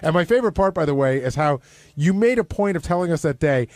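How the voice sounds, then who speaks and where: A man's voice: on the high side, lively intonation, fast talker, darkish tone, no room sound. A man in a heated casual radio chat, pressing his point in a pointed, needling way. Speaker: radio show panelist.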